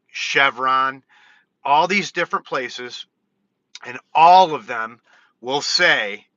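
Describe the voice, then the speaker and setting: A man's voice: mid-range voice, pushed and bright, dry recording, highs cut off. A man talking in a casual vlog, frank and rambling, counting his points off one by one. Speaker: vlogger. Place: California.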